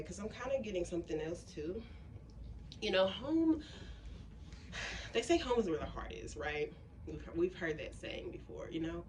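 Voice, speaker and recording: A woman's voice: low voice, a little mellow, slight background noise, poor audio. A woman giving an intuitive card reading, talking in a reassuring, chatty way with many fillers and frequent check-ins like "okay?". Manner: reassuring, keeps asking "okay?". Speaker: tarot card reader.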